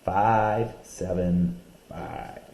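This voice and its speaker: Background noise accompanies a low-pitched man speaking in a steady tone as he teaches a recorded reading lesson. He explains poems patiently, step by step, counting syllables and reading slowly and deliberately.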